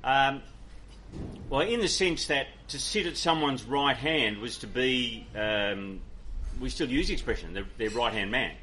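Earnest Irish preacher, mid-pitched man. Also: expressive, measured pace, bright, forceful tone, a little hiss or hum. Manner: earnest, conversational, many fillers and restarts. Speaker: pastor. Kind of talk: sermon with audience questions.

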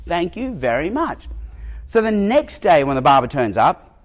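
A man preaching a sermon as a pastor, emphatic and given to storytelling, with jokes and pauses for effect. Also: high-pitched. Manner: storytelling, emphatic, varies his pace.

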